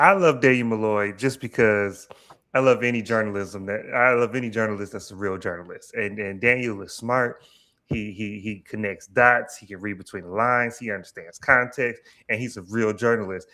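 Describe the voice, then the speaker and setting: A man co-hosting a casual TV recap, animated and slangy, often stammering and restarting. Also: medium pitch. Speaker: podcast co-host.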